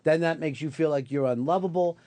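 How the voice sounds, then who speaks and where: A man's voice: a little high, fairly quick, mellow. A man on a radio talk show speaking earnestly and reflectively.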